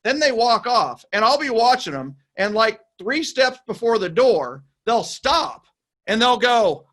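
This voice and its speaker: A man's voice: extremely high pitch, very animated, measured pace, sharp tone. A man hosting a podcast interview, talking in an enthusiastic, emphatic way and repeating his points. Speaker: podcast host. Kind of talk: casual interview chat.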